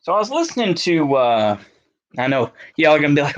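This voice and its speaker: A man's voice: on the high side, sing-song, a little fast, highs cut off. A man with a Texan accent, ranting to camera as a political commentator, profane and exasperated, with sarcastic asides. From Texas. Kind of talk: solo rant to camera.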